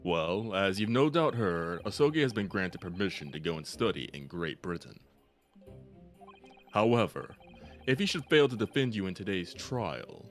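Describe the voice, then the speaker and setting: A man putting on a stately old professor from a video game, gravelly and slow, a low voice that still rises and falls a lot, with faint game music playing behind him. He speaks formally and weighs every word. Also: expressive. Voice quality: slightly gravelly. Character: elderly formal male forensic professor.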